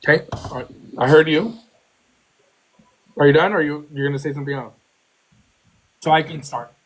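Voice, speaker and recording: A Texas woman hosting a live stream gets into a heated argument on a live call, defending herself, repeating her points and talking over the other speaker. Her voice is low-pitched and she speaks at a normal speed.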